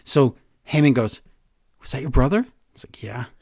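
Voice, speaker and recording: A man's voice: mid-range voice, moderate pace, dry recording, clean studio sound. A man co-hosting a casual podcast chat, recapping wrestling and acting out the quotes in different voices. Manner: animated, acts out quotes with voice changes.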